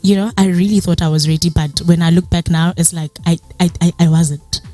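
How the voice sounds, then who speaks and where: A young South African woman gives a personal, motivational talk in a conversational, storytelling way. She leans on "you know" as she goes and slips into lively acted-out dialogue. Soft music plays faintly behind her. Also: lowish voice, brisk. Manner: chatty storytelling with many "you know" fillers; acts out quoted dialogue in a lively way. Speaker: guest speaker.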